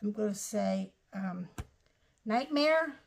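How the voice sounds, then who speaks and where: A middle-aged craft vlogger from Ohio, USA gives a casual, rambling show-and-tell of her project, dropping in apologetic asides. Her mid-range voice is creaky and slow, with lively intonation.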